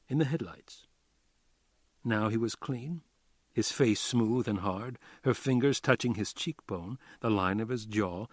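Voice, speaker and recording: A man narrating a crime novel in a calm, measured way. His voice sits low. The recording is dry and close, with no room sound. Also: dry recording. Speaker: audiobook narrator. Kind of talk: scripted narration.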